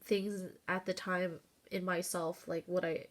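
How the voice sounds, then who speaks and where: A woman's voice: lowish voice, little pitch movement, a little slow. A woman in her thirties talking candidly in a personal vlog, rambling with fillers and the odd swear word, tearful and close to crying at times. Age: 30s. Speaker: vlogger.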